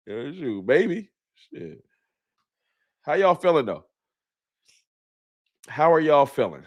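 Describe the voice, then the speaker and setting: A man's voice: a little high, very animated, slow, pauses often. A man hosting a live stream in a casual, laughing way, greeting viewers by name while his nose is stuffed up from a cold. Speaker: livestream host.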